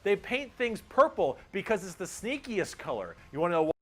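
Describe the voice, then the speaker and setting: A man's voice: sits high, big pitch swings, brisk, fairly bright tone. A man explaining lore casually, loose and jokey with offhand swearing. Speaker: lore explainer in a played video.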